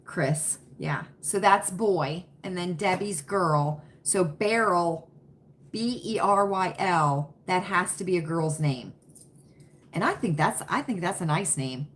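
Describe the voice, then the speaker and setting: A woman with a lowish voice speaks slowly while hosting a live stream. She chats casually and folksily with her live viewers, answering their comments by name.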